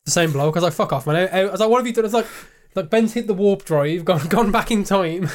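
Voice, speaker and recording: A man's voice: sits high, fast. A man co-hosting a podcast, teasing his co-host and swearing freely in casual chat.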